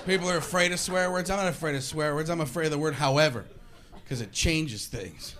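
A man's voice: on the high side, a little fast, background noise. A man performing a stand-up comedy routine, ranting and slipping into voices on stage. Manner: rants, switches into voices. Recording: live stage with crowd laughter. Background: audience laughing.

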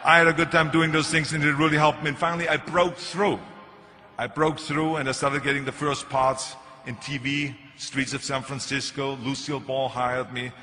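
A man's voice: medium pitch, moderate pace. An older man with a German accent, giving a motivational speech and telling stories with punchy emphasis. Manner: animated storytelling with punchy emphasis. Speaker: keynote speaker. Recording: echoey hall, faint music.

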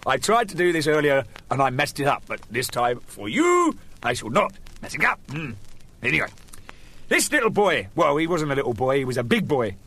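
A man's voice: mid-range voice, sing-song, moderate pace, fairly bright tone. A middle-aged man, hosting a comic radio segment in a rambling, joking, self-mocking way. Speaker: host.

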